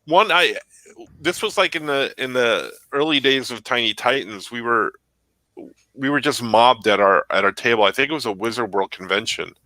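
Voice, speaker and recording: A man's voice: medium pitch, normal speed, pushed and bright, no echo, rough recording. A man co-hosting a podcast, telling a long rambling story in casual chat. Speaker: podcast co-host.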